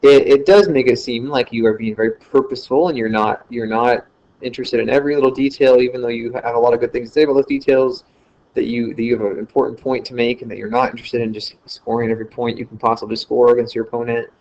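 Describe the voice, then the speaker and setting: Speaking fast at a medium pitch with a steady, slightly mellow tone, a man delivers a casual lecture via screen recording. The lo-fi audio is slightly dull with a little hiss or hum, and he talks loosely, using fillers and fixing his own wording as he goes.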